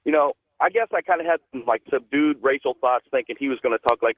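A man's voice: medium pitch, fast talker, no echo. A man from Texas calling in to a radio show and telling a story earnestly. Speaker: caller. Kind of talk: call-in storytelling. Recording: phone line.

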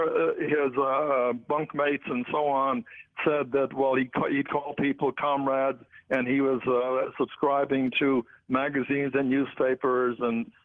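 Halting man on a phone line. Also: medium pitch. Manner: halting, many filler sounds. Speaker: author, guest. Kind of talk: phone interview.

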